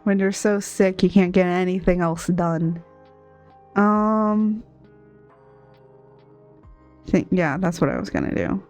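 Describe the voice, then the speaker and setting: Speaking slowly with long pauses, a woman with a fairly low, darkish voice rambles and laughs on a live art stream, soft music in the background. She's from Texas, streaming at a laptop at home on a desk mic, not a headset, and still sniffly and coughing while recovering from being sick.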